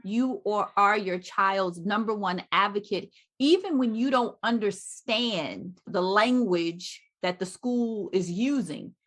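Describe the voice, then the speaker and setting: A woman's voice: mid-range voice, slow, hardly any pauses, fairly bright tone. A woman co-host of an interview show, asking questions and summing up with affirming remarks. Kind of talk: podcast interview.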